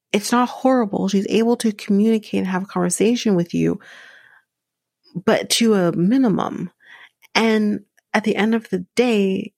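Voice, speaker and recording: A woman's voice: medium pitch, gravelly, darkish tone, no echo. A woman hosting a reality show recap podcast, giving blunt, profane opinions in casual commentary. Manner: blunt, profane, talks through fillers.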